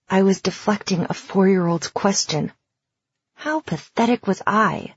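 A woman reading a first-person audiobook in a reflective, even storytelling manner. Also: medium pitch, unhurried, breathy edge, no echo, muffled recording. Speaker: audiobook narrator.

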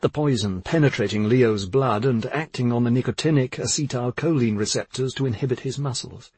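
A man narrating a thriller audiobook in a measured, even scripted style. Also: medium pitch, slightly rough, no room sound.

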